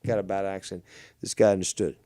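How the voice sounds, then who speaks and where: A man's voice: deep voice, level tone, a little fast, warm tone, dry recording, studio quality. A man from Ontario, hosting a ranting commentary show with a mocking, profane, insulting manner. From Ontario, Canada.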